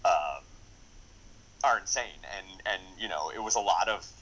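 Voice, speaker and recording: A man's voice: deep voice, normal speed, fairly bright tone, rough recording. A man who wrote and directed a film, chatting enthusiastically in an interview, rambling with lots of fillers and restarts. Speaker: screenwriter and director. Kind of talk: casual interview.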